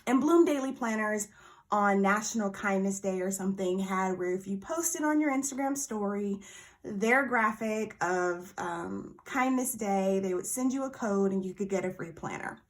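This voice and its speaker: A woman vlogger chatting casually through an unboxing, bubbly and excitable, gushing over small surprises. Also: medium pitch, moderate pace. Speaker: planner vlogger.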